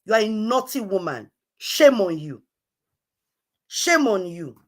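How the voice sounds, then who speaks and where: A woman's voice: mid-range voice, sing-song, takes it slowly. A woman hosting an online show, scolding someone in a heated, repetitive rant. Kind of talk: heated live-stream rant.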